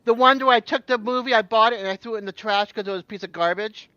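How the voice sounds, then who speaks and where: A woman's voice: a little high, fast talker, a bit bright, dry recording, lo-fi sound. A woman chatting bluntly and wryly on a video call. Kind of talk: casual chat on a video call.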